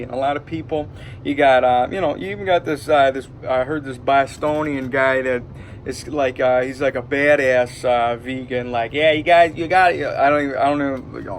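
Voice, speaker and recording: A man's voice: medium pitch, a little hiss or hum. A man with a Detroit accent rambling in a loose, hyped-up vlog monologue from home, full of fillers. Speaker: vlogger. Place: indoors at home.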